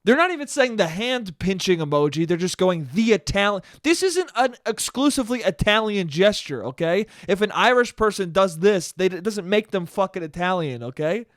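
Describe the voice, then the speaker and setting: A young man hosting his own podcast, ranting in a profane, animated way. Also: sits high, moderate pace, few pauses, no room sound, studio quality. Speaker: podcast host. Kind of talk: solo comedic podcast rant.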